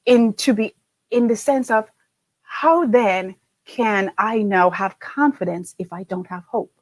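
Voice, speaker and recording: A woman's voice: medium pitch, a little slow, no room sound. A middle-aged woman coach giving a live-stream talk, answering viewer comments in a chatty, encouraging way and often adding "right?". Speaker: confidence and leadership coach.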